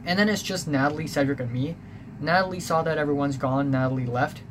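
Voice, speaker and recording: A man's voice: on the high side, fairly quick. A young man telling a personal story in a rambling, confessional way, full of fillers and restarts. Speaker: vlogger. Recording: clear background noise.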